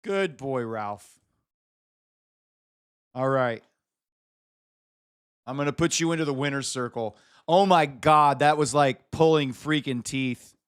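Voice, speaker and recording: A man's voice: medium pitch, slow pace, pauses often, fairly bright tone, smooth, no echo, clean studio sound. A man hosting a live stream, teasing and mock-scolding a viewer in casual chat banter. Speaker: livestream host.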